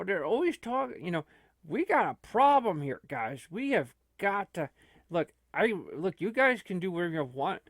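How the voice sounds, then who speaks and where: A man's voice: high-pitched, a bit bright, no room sound, clean studio sound, exaggerated voice. A man playing a frantic old man who rambles and stammers urgently in an amateur comedy movie. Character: frantic old man fleeing strange dimension.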